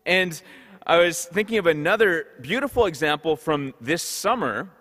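A man's voice: fairly high pitch, a bit bright. A man, a parish pastor, giving a conversational Sunday sermon full of stories, often repeating words as he goes. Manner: storytelling, repeats words as he talks. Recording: long hall reverb.

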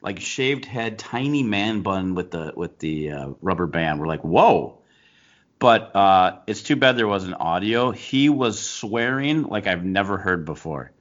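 A man's voice: sits low, expressive, unhurried, few pauses, fairly bright tone, highs cut off. A man co-hosting a casual talk show, telling a baseball story with lots of restarts and laughter. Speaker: co-host, baseball coach. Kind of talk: casual chat.

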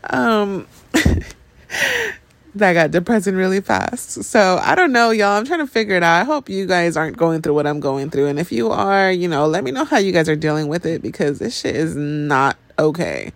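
A woman's voice: on the low side, very animated, moderate pace, dry recording. A woman hosting a podcast, venting in a rambling, casual way and swearing freely. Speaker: podcast host. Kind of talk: casual chat. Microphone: podcast mic.

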